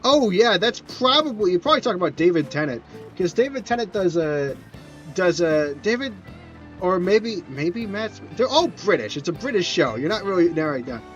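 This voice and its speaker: A man's voice: sits high, sing-song, normal speed, dull audio, soft background music. A man streaming a video game, chatting casually and rambling through answers to viewers' questions, often restarting his sentences. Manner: rambling, self-correcting, answers chat questions.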